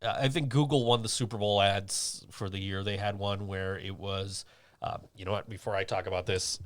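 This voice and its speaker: A podcast host with a fairly low voice speaks at a moderate pace with fairly even intonation. In casual chat, he tells stories in a rambling, chatty way full of fillers.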